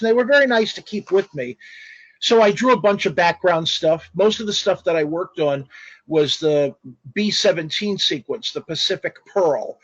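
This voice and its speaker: A man telling stories as a guest in a casual interview, animated and rambling, with spoken sound effects. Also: on the high side, no room sound. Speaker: guest artist. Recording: dull lo-fi dry audio.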